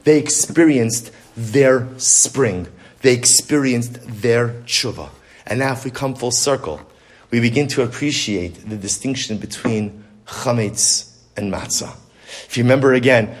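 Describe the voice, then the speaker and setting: A male rabbi giving an animated religious lecture, full of rhetorical questions. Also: medium pitch.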